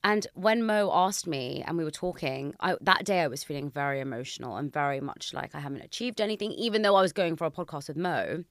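A woman in her thirties with a low voice hosts a podcast, thinking aloud in a reflective and self-questioning way. Her speech is close and dry, with no room sound. She talks in an open, conversational manner. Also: quick pace, few pauses, no echo. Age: 30s. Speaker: podcast host. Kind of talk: candid podcast chat.

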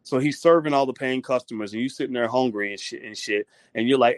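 A male commentator delivering a heated, profane opinion monologue with animated delivery. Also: medium pitch, quick pace, no echo.

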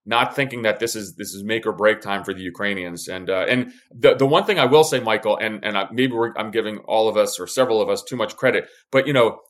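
A man's voice: on the low side, fast talker, hardly any pauses. A man who was once an intelligence officer, talking as a podcast guest in an emphatic way, with many restarts and fillers. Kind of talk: podcast conversation.

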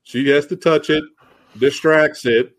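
A man hosting a podcast, chatting casually and excitedly about a movie, swearing freely and restarting his sentences. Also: a little high, a little slow. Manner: excited, profane, lots of fillers and restarts. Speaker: podcast host. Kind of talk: casual chat.

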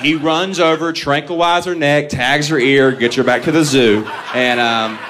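A man's voice: a little high, fairly even intonation, normal speed, fairly bright tone, slight background noise. A man doing a stand-up comedy set, telling profane, self-deprecating stories and chuckling at his own lines.

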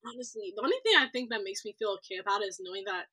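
A woman's voice: medium pitch, very fast, pushed and bright, breathy edge. A woman in her twenties, a guest on a podcast, talking in an easygoing, thoughtful way. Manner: easygoing, thoughtful, with frequent laughs and fillers. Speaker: guest, medical trainee. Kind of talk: casual interview chat.

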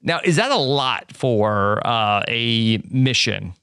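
Man, casual recap chat, sarcastic, smooth voice, lively pitch. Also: slow, dry recording, studio quality. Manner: sarcastic, mock-exasperated asides. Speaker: podcast host.

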